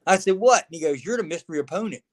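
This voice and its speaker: A man's voice: sits high, racing. A middle-aged man, a former wrestler, telling career stories in a casual interview, acting out the quotes of others and often calling the listener man or brother. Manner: animated storyteller acting out quotes, says man and brother a lot.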